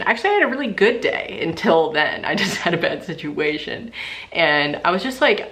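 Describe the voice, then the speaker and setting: A woman's voice: deep voice, vocal fry, a bit bright. A young woman vlogging casually to her camera indoors at night, telling stories in a chatty way full of fillers. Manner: chatty, filler-heavy storytelling. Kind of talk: casual vlog talk to camera. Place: indoors at a rented cabin at night. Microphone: handheld camera.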